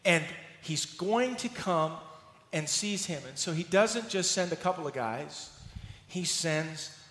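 A man preaching a sermon as pastor, telling the story in an animated, playful way and acting out scenes. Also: on the high side, takes it slowly. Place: church sanctuary. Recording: roomy hall reverb.

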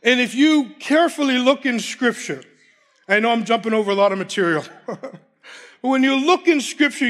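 Very high-voiced man preaching a sermon. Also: a bit bright. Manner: emphatic, repeats key phrases, laughs between points.

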